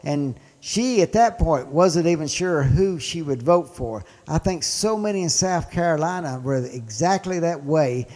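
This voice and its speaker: A man's voice: a little high, expressive, measured pace, hardly any pauses, a little mellow, in a large hall. A man with a Mississippi accent hosting a show and talking politics with emphatic enthusiasm. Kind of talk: political commentary.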